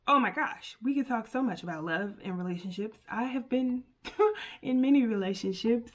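A young adult woman hosting her own podcast, talking casually and warmly to listeners with plenty of fillers and asides. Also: a little high, normal speed. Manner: chatty, animated, lots of fillers and asides. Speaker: podcast host. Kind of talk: casual solo podcast chat.

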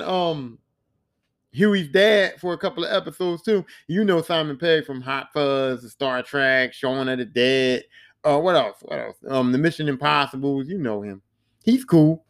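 Young male podcast host, high voice, loose and profane, rambling solo chat with boastful asides. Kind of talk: casual solo podcast monologue.

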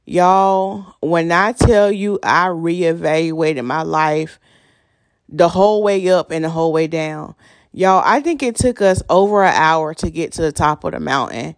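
A young woman, hosting a podcast and telling a story in a chatty, animated way. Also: fairly low pitch, a little slow, no echo, studio quality. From North Carolina. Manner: chatty, animated, addresses listeners as y'all. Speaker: podcast host. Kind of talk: casual storytelling monologue.

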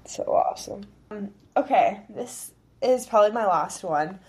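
A woman's voice: mid-range voice, lively intonation, measured pace, a little mellow. A young woman co-hosting a podcast, chatting in a bubbly way and acting out her own reactions. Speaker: podcast co-host. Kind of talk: casual chat.

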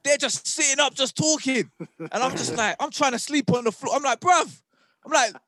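A man's voice: very high voice, fairly quick, no echo, clean studio sound. A man, co-hosting a podcast, telling stories in casual slangy chat. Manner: animated storyteller, slangy. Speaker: podcast co-host.

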